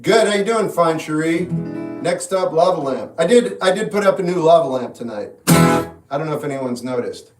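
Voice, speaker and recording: High-voiced man musing on a livestream. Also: moderate pace. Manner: relaxed, musing, gives frank advice. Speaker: livestream host answering chat. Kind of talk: casual live chat. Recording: echoey room, mic at a distance. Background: guitar music in the background.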